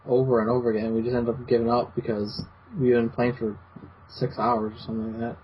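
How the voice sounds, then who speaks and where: A man in a casual gaming podcast chat, talking in a rambling, halting way with lots of restarts. His voice sits mid-pitch. The recording is dull and lo-fi, with a faint hiss underneath. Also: flat delivery. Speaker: podcast host.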